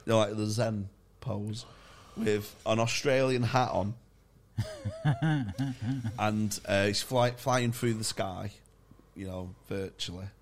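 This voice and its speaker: A man's voice: fairly low pitch, slight background noise. Young man, comedy podcast co-host, sweary anecdotes broken up by laughs. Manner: sweary and laughing, rapid bursts. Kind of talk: casual chat, comic storytelling.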